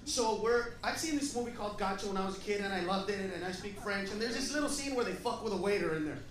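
Male stand-up comic, profane and punchy, on a far mic with loud crowd and noise. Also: high voice, quick pace, echoey room. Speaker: stand-up comedian. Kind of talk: stand-up comedy routine. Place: comedy club stage.

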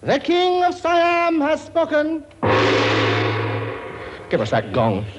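A man's voice: very high-pitched, wildly swooping pitch, takes it slowly, loud music behind the voice, heavily acted. A blustering, bossy king. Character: bossy cheeky king with ninety-four children, man. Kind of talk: comedy sketch acting. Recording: noisy recording.

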